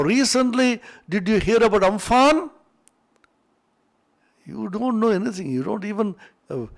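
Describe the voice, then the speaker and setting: A man voicing a boastful male wind god who fires off bragging questions. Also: high voice. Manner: loud, bragging, rapid-fire questions.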